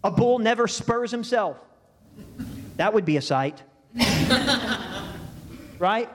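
Man, pastor, conversational sermon, slightly high voice, long church reverb. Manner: conversational preaching with audience asides.

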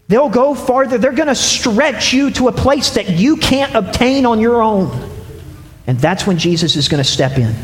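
A male pastor delivers a sermon in a noticeably high voice, bringing it to life by acting out short dialogues. The sound carries a long reverb, as from a large hall, with faint ambience behind him. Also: a little hiss or hum. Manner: animated, acts out voices in dialogue. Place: church sanctuary.

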